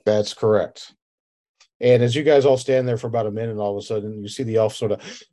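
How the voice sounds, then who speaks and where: Mellow-voiced man running a tabletop game. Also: on the low side, steady tone, fast talker. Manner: rambling, fills with "and everything else". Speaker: game master.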